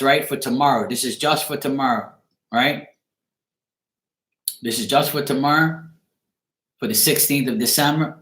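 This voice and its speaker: A man's voice: mid-range voice, a bit bright, reverberant. A man with a Bermudian accent, a tarot reader chatting casually on a live stream, greeting viewers by name and swearing freely.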